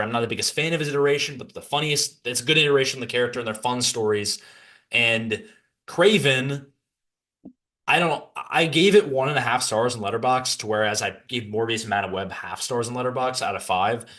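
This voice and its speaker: Young man, podcast host, casual ranting film review, restarts and rambling asides, middle-pitched voice. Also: a bit bright.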